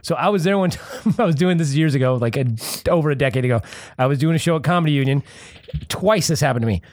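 A man hosting a casual podcast, telling animated stories with plenty of swearing and laughter. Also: on the high side, fast talker, no room sound. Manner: animated storyteller, swears freely, laughs often. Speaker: podcast host. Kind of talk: casual chat and storytelling.

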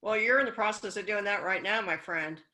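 A woman's voice: medium pitch, brisk, sharp tone, low-quality recording. A middle-aged woman business coach speaking candidly and encouragingly in a casual chat, sharing personal stories. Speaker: business coach and event host.

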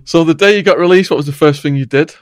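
A man hosting a casual interview, easygoing and quick to laugh. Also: a little high, no room sound, studio quality. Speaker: podcast host.

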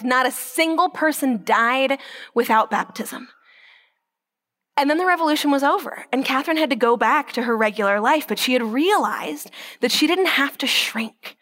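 A woman with a high voice gives an inspirational Catholic talk and tells the stories with lively energy. She drops into a hushed whisper for emphasis and slows right down on the words that matter. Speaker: Catholic speaker.

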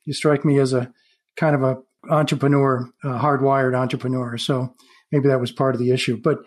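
A man's voice: medium pitch, flat delivery, brisk. A man interviewing a guest, asking questions in a friendly way with frequent restarts. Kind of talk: interview conversation.

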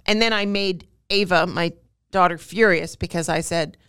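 A woman comedian guesting on a casual podcast, quick-witted, playfully sarcastic and teasing. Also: lowish voice, steady tone, a bit bright, clean tone.

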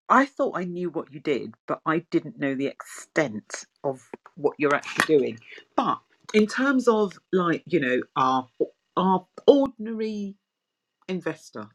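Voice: medium pitch, gravelly, a bit bright, low-quality recording. A chat host thanking a guest and asking a follow-up, hesitating and searching for words. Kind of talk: casual chat hosting.

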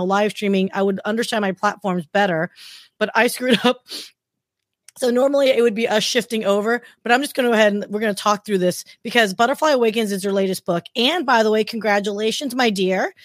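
A woman's voice: medium pitch, brisk, dry recording. Chatty woman host, dry sound. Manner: emotional, encouraging and chatty. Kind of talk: live-streamed interview.

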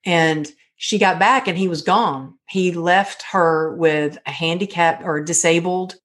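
A woman's voice: lowish voice, unhurried. A middle-aged woman guest telling her own story in a candid, emotional way, full of fillers. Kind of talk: personal storytelling interview.

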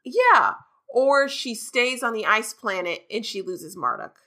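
Bright, gushing woman podcaster. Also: on the high side, unhurried. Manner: animated, gushing recaps. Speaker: podcast co-host. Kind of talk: casual book discussion.

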